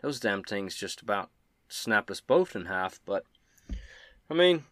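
A man's voice: lowish voice, very animated, a bit bright, no room sound, studio quality. Man doing an eager stammering young companion. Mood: cheerful. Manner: halting, repeating words.

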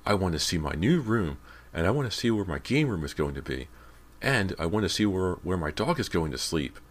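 A man voicing an excitable young boy in an audiobook, talking eagerly and enthusiastically. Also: deep voice, brisk, pitched above the performer's own voice. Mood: excited. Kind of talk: audiobook character voice.

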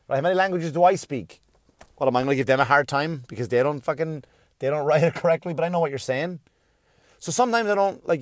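A man's voice: medium pitch, a little mellow, no echo. A middle-aged man talks straight into the mic on his own podcast, in a loose, rambling, self-deprecating way. He stammers and circles back on himself and drops the odd swear word. The sound is close and dry, with no room around it. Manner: stammers and restarts often. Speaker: podcast host. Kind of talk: casual podcast monologue.

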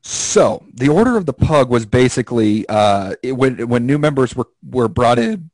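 A man's voice: moderate pace, no echo. A man co-hosting a podcast in casual chat, telling stories and acting out the quotes with big swings in his voice. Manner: animated storyteller, acts out quotes with jumps in pitch. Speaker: podcast co-host.

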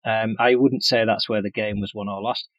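A man's voice: lowish voice, fairly even intonation, moderate pace, fairly bright tone, no room sound, muffled recording. A man co-hosting a casual chat, talking in dry, wry banter. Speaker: podcast co-host. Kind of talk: casual chat about fantasy football.

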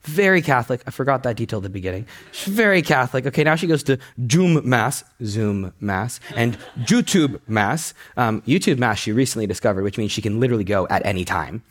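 A young man telling a personal story in a talk, animated and laughing as he goes. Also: a little fast, hardly any pauses. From United States. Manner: animated, laughing storyteller who jumps up in pitch. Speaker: speaker giving a talk.

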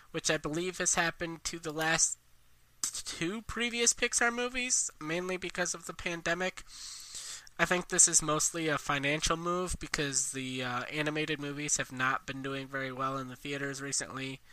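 A man talks casually as a podcast co-host, jumping between thoughts with plenty of "like" fillers. His voice is very bright and crisp. The sound is dry and close. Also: on the high side, dry recording. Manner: quick, animated, many "like" fillers. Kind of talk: casual chat.

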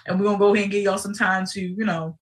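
A woman hosting a live show in casual livestream talk, animated and digressive, with sudden outbursts. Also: mid-range voice, very fast, recorded from a distance, low-quality recording.

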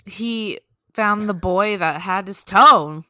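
A woman's voice: mid-range voice, takes it slowly, bright, forceful tone, no echo. A woman co-hosting a podcast, chatting casually, giggling, and reading creepy stories aloud with playful drama. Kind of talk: casual chat and story reading.

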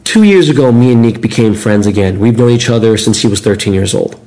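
A man telling stories as a podcast guest, animated and profane, acting out quotes. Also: lowish voice, fairly quick. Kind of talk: casual storytelling.

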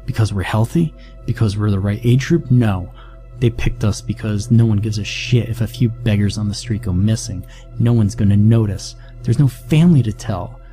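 A man voicing a defiant young woman test subject, shouting and swearing in a hoarse voice for a horror story reading, with music behind him. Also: on the low side, fairly even intonation, slow. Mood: bitter.

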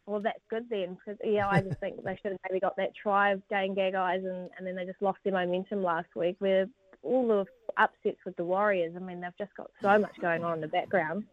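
A woman calling into a radio show, briskly reeling off betting odds with a few light laughs. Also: medium pitch, level tone, no echo. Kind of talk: radio phone-in segment. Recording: tinny phone line.

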